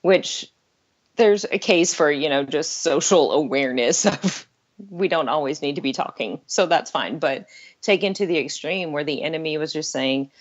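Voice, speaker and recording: A woman's voice: deep voice, normal speed, muffled recording. A middle-aged woman talking earnestly and candidly as a guest on an interview podcast, laughing now and then. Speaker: life coach guest.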